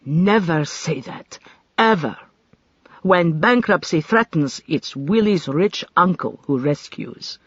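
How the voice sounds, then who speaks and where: A burly carnival boss who talks bluntly in short, clipped lines, put on by an audiobook narrator. The voice is husky and dry, and it swings up and down as he gives orders. The recording sounds dull and muffled. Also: mid-range voice, lively intonation, slow pace, no echo.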